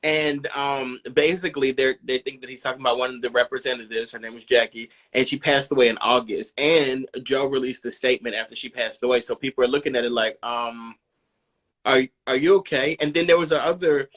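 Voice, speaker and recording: A man co-hosting a casual podcast chat, telling stories in a relaxed way full of "like" and "um". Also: medium pitch, fairly quick, hardly any pauses. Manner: relaxed, filler-heavy storytelling with frequent "like" and "um". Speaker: podcast co-host.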